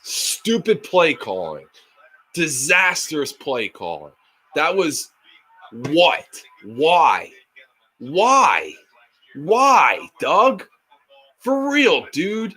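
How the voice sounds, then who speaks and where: A man calls a live football game for his stream, swinging from steady play-by-play into exasperated, profane rants about the coaching. His voice is bright and forward, and he talks at an unhurried, drawn-out pace. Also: a little high, breathy edge. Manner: frustrated, swearing fan rants. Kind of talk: live game reaction and commentary.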